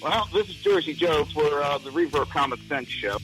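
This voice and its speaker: A man in a recorded promo drop, announcing the show in a loud, hyped way. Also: fairly high pitch, animated, moderate pace, faint music behind, low-quality recording.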